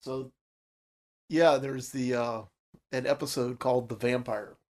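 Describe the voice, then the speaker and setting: A man's voice: medium pitch, steady tone, a little slow. A man speaking as a guest on a podcast, giving short, agreeable replies in casual chat.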